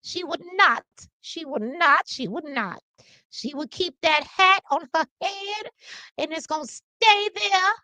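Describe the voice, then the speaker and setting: A woman putting on the voice of an elderly woman lawmaker, high and squeaky like a cartoon grandmother, speaking in slow, drawn-out, stately phrases. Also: sharp tone, no room sound, exaggerated voice, rough recording. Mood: haughty.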